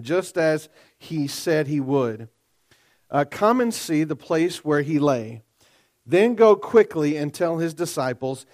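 High-voiced animated male pastor. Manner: animated, swinging between quiet reading and loud excited asides. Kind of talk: sermon.

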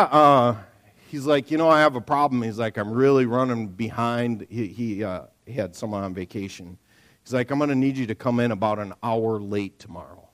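A middle-aged man preaching a sermon as a pastor, telling stories in a chatty, animated way, acting out quotes and asking "right?" often. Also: medium pitch, normal speed. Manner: animated storyteller, acts out quotes, frequent "right?"; lively conversational sermon delivery.

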